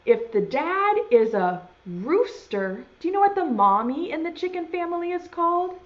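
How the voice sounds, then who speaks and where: A woman leads a preschool circle time from home, her voice high and full of swooping ups and downs. She speaks slowly and sing-song, stretching words for little listeners. The recording sounds dull and lo-fi. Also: sing-song. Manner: slow, exaggerated, sing-song teacher talk to small children; uses sign language alongside speech. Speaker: preschool teacher.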